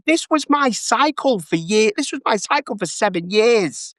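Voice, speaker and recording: A man's voice: very high-pitched, lively intonation, normal speed, hardly any pauses, fairly bright tone, no room sound, studio quality. A man, talking candidly and with emotion as an interview guest, often repeating his phrases. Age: 40s.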